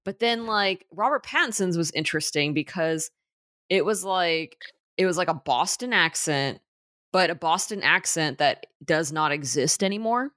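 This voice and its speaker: A woman's voice: fairly low pitch, animated, normal speed, fairly bright tone, no room sound, clean studio sound. A woman co-hosting a casual movie podcast, chatty, with lots of fillers and restarts. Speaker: podcast co-host.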